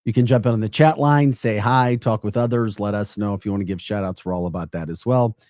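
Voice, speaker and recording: A man's voice: fairly low pitch, fast talker, no echo, clean studio sound. Chatty St. Louis-accented radio host man. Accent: St. Louis Midwestern. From St. Louis, Missouri. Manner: chatty, joking, animated asides. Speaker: morning show host. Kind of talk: casual radio show banter.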